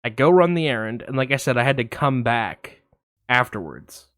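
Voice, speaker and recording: A young man co-hosting a podcast, telling a long story in a casual, animated way, swearing freely and acting out the voices of others. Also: medium pitch, moderate pace, dry recording, studio quality. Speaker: podcast co-host.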